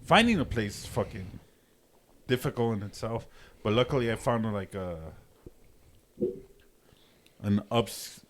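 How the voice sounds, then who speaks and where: A man's voice: fairly low pitch, measured pace, long pauses. A middle-aged man co-hosting a podcast, telling a story in casual chat, swearing constantly and acting out his own reactions. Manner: profane, animated storyteller who acts out his own reactions. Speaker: podcast co-host.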